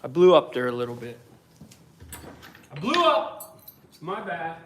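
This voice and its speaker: High-voiced guy cussing up a storm on his shop stream, slow drawl, a little background hiss. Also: wildly swooping pitch. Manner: profane, combative, ranting. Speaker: livestreaming woodworker. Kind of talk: casual livestream rant while working. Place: home workshop.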